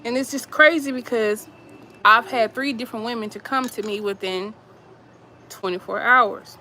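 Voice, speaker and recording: A woman's voice: a little high, normal speed, sharp tone, a little hiss or hum, poor audio. A woman vlogger, telling viewers about strangers asking her for help, emotional and rambling, repeating herself. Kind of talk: casual storytelling to viewers.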